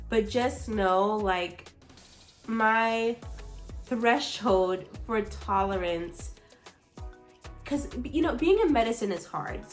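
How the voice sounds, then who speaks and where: A young adult woman, a medical resident, talking candidly and with feeling about a personal setback in a vlog. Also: medium pitch. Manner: candid and emotional, frequent likes and pauses.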